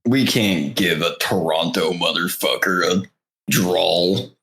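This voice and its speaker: A man's voice: fairly low pitch, slow, a bit bright. A young man co-hosting a podcast, telling stories in a rambling way with many fillers. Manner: rambling, filler-heavy storytelling. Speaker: podcast co-host. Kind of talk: casual chat.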